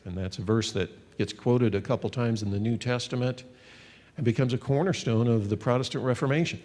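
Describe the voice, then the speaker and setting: A man's voice: mid-range voice, brisk, darkish tone, in a large hall. A man teaching a sermon as a pastor, earnest and conversational, reading passages of scripture aloud.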